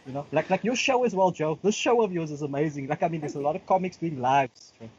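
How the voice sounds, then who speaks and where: A man's voice: fairly high pitch, expressive, fast, darkish tone, muffled recording, slight background noise. A comedian guest bantering on a live stream, teasing the host and repeating his punchlines.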